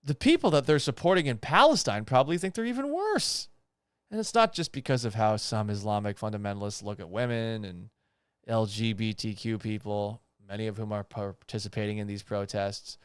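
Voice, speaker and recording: A young man's brisk, clear, resonant voice carries his casual commentary podcast as he reads items out and tears into them with sarcastic, profane incredulity. His pitch shoots up whenever he's exasperated, and the recording is dry.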